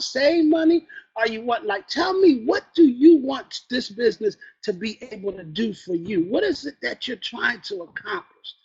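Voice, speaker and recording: A man giving a motivational sales training talk, energetic and preacher-like, quizzing his audience as he goes. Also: very high-pitched, lo-fi sound. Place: training event room.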